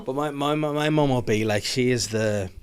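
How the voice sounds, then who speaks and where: A man's voice: mid-range voice, normal speed, a little hiss or hum. A man, hosting a casual podcast chat and telling rambling stories with plenty of swearing. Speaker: podcast host.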